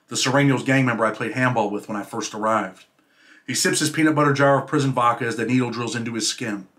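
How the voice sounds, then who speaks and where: A man reads his own memoir aloud at a medium pitch, in a steady, even storytelling voice. His sentences tend to trail off softer at the ends. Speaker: host reading his own prison memoir. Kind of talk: memoir reading.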